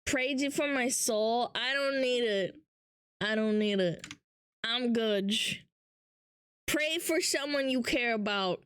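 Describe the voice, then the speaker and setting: Playful, high-voiced woman streamer. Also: takes it slowly, clean tone. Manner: playful, excitable, jokey. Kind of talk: casual livestream chat.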